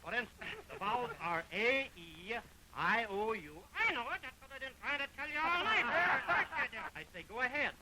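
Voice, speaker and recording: An actor playing a vaudeville comic trading quick jokes and laughs, on an old film soundtrack. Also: male voice, very high-pitched, expressive, bright, forceful tone, slight background noise, heavily acted, low-quality recording. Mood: jokey. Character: bickering comic in a vaudeville routine. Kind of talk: 1920s vaudeville comedy.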